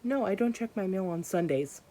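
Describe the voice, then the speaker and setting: A woman's voice: mid-range voice, expressive, moderate pace, mellow. A young adult woman from the United States ranting in an exasperated, emphatic way in a casual book vlog at home. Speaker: book vlogger.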